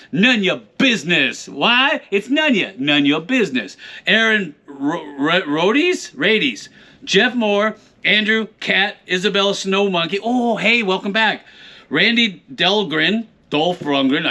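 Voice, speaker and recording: A man's voice: high voice, pushed and bright. A man hosting his show, reading out supporter names with folksy cowboy banter and playful jokes. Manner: jokey, folksy cowboy talk, playful mispronunciations. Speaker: host.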